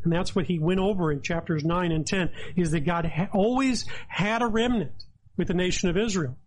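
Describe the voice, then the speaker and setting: A man's voice: high voice, poor audio. A man preaching a sermon, earnest and emphatic as he reads and explains scripture verse by verse. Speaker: pastor.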